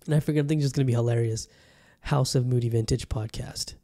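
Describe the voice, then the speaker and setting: Guy rambling on his podcast, warm mellow voice, lots of restarts, talks right to u. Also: medium pitch, steady tone, fast. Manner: rambling, restarts often, talks straight to listeners. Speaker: podcast host. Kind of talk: casual solo podcast chat. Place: Bangkok.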